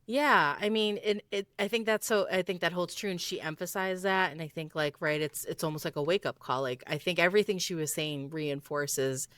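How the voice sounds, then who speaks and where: An enthusiastic woman co-host with a very low voice keeps a casual podcast chat going. She leans on a lot of fillers. Her sound is dry and close to the mic. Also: a little fast, few pauses, a bit bright, clear, resonant tone, no echo. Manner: enthusiastic, filler-heavy, lots of "like" and "yeah". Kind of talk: podcast conversation.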